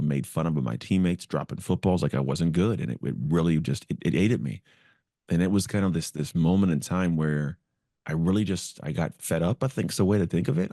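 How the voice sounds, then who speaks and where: A man's voice: deep voice, mellow, no echo, studio quality. A man as a podcast guest, telling his story in an earnest, reflective way and acting out the voices in his head. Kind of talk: storytelling interview.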